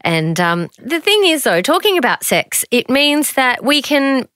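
Bubbly woman with a lively voice. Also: high voice, unhurried, no room sound, clean studio sound. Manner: bubbly and animated, playful. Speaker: podcast co-host. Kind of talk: casual chat.

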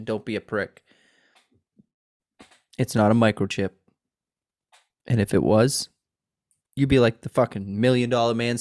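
A man co-hosting a casual podcast who jokes around, laughs often and gives earnest sign-offs. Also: fairly low pitch. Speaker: podcast co-host. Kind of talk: casual chat.

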